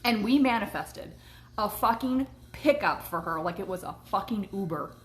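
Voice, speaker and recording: A woman livestreaming a casual story, animated, laughing often and swearing freely. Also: mid-range voice, moderate pace. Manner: eating while talking. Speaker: manifestation coach and vlogger.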